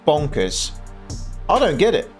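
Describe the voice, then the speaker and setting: A man's voice: a little high, wildly swooping pitch, measured pace, faint music behind. A man hosting a reaction channel, talking over clips in an exasperated, mocking tone.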